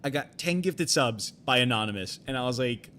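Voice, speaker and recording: A man's voice: mid-range voice, animated, brisk, bright, forceful tone, a little hiss or hum. A young man telling a long personal story on a live game stream, rambling with many fillers and restarts and swearing freely.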